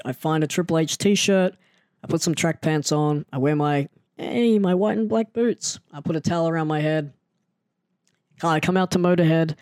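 A man telling a story in a casual, animated and self-mocking way, often jumping into an excited higher voice. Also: no room sound, studio quality. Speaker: storyteller recounting his wrestling start.

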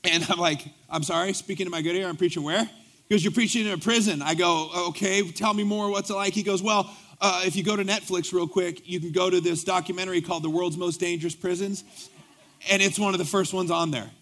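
A man preaching a sermon as pastor, telling a story with lively acted-out dialogue. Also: high-pitched, fast. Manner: animated storyteller acting out dialogue.

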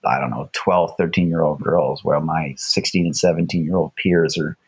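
A man's voice: a bass voice, fairly even intonation, normal speed, husky. A middle-aged man, a guest telling reflective stories in a conversational way. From Canada. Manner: reflective, uses vivid stage imagery. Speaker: guest, Olympic champion. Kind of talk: conversational storytelling.

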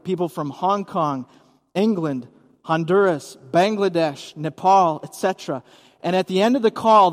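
A man's voice: high voice, big-room sound. A man preaching a sermon as pastor, speaking conversationally and asking the congregation questions, at a church service in a gymnasium. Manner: conversational, asks the audience questions.

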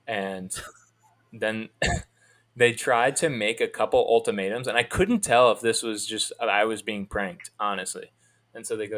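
A man telling a long story in a casual chat, in a fairly monotone, rambling way with many restarts. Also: lowish voice, normal speed.

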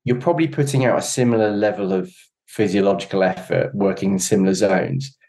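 A man's voice: lowish voice, brisk, gravelly, mellow. A man guesting on a podcast, talking in an earnest, reflective way and often searching for his words. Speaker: podcast guest, endurance cyclist. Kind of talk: casual conversation.

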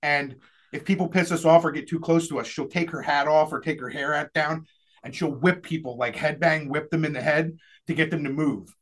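Man, young adult, high voice, animated storyteller, laughs a lot, casual podcast chat. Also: fairly quick. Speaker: podcast host.

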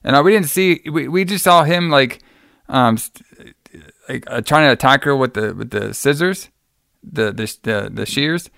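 A man's voice: mid-range voice, unhurried, gravelly, clean tone, dry recording, clean studio sound. A man casually recapping a horror movie for a podcast, acting out the characters' lines and laughing often. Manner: animated storyteller acting out quotes, laughing often. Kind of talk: casual chat.

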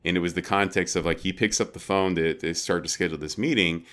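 A man's voice: sits low, fairly even intonation, fast, fairly bright tone. A man co-hosting a podcast, talking in a casual, rambling way with many filler words. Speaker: podcast co-host. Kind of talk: casual chat.

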